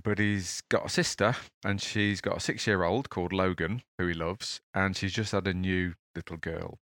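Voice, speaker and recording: A man hosting a podcast, chatty and animated, telling a story off the top of his head. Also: sits low, dry recording, clean studio sound. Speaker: podcast host. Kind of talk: casual podcast talk and storytelling.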